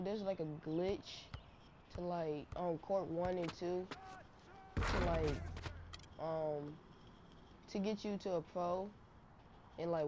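A woman giving excitable, slangy, trash-talking commentary over her own basketball gameplay on a headset mic. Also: fairly low pitch. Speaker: gaming channel host. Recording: noisy game audio behind.

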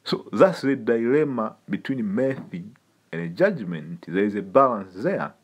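A man gives a loose, streetwise sermon, his husky voice rising and falling with lively swings in pitch. He hammers points home by repeating them and keeps turning to the listener with a casual "man". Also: measured pace. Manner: emphatic, repetitive, streetwise, addresses listeners as man. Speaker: preacher. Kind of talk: informal sermon teaching.

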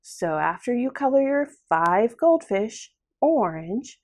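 A woman's voice: a little high, very animated, slow pace, darkish tone. A woman teaching preschoolers at a work table, giving patient step-by-step instructions for a worksheet. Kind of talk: guided worksheet lesson.

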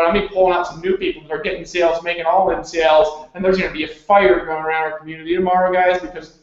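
High-voiced man giving a pushy pep talk. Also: steady tone. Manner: pushy, repetitive, rapid-fire exhortations. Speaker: team leader hosting an online hangout. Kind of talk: motivational pitch on a video call. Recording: very echoey, dull lo-fi sound.

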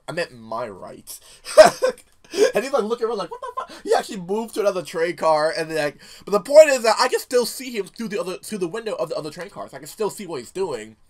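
A man giving casual gameplay commentary, telling stories animatedly, swearing and laughing often. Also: on the high side. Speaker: gaming YouTuber.

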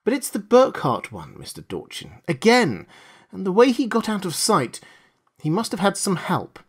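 A man voicing a young woman with a sweet, clear tone who apologizes and pleads, in an audiobook reading. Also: sits high, wildly swooping pitch, normal speed, pitched above the performer's own voice, exaggerated voice. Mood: apologetic.

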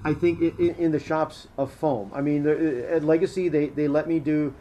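A man hosting a casual interview chat, quick and chiming in with short agreements. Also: a little high, steady tone, warm tone, dull audio. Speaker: host.

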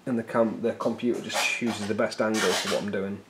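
A man's voice: on the low side, level tone, a little fast, very noisy. A man hosting a miniature painting video, chatting casually and self-deprecatingly while he paints. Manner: joking, rambling, self-deprecating. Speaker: miniature painting channel host.

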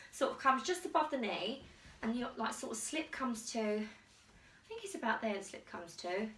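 A fashion vlogger chats casually at home during a try-on haul, rambling enthusiastically as she tries on clothes. Her voice is fairly high, bright and forceful, picked up by a distant mic in an echoey room with slight background noise.

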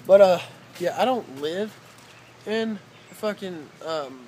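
Casual vlogger, constant swearing, rambling, drawn-out fillers, handheld camera, backyard walk. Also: medium pitch, lively intonation, darkish tone, slight background noise. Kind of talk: casual home vlog. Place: home and backyard, walking around.

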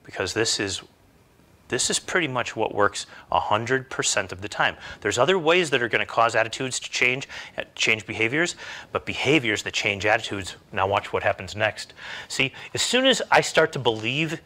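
A man's voice: medium pitch, lively intonation, normal speed, sharp tone. A middle-aged man giving a motivational self-help talk, emphatic and full of rhetorical questions.

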